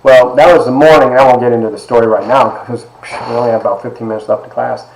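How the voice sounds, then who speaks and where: In an echoey classroom, a lecturer from Ohio in his forties tells his class a candid personal story. His voice is medium-pitched, quick, and fairly even in intonation, and his conversational, emphatic delivery is full of asides.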